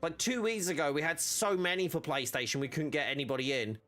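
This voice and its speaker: A man's voice: a little high, fast talker, fairly bright tone. A man chatting casually while streaming a game, rambling with lots of fillers and restarts. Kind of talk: casual gaming stream chat.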